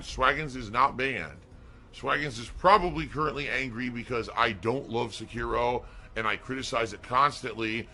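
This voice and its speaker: A male game streamer talks to his live chat in a sarcastic, defensive rant. His voice sits at an ordinary pitch for a man. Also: pushed and bright.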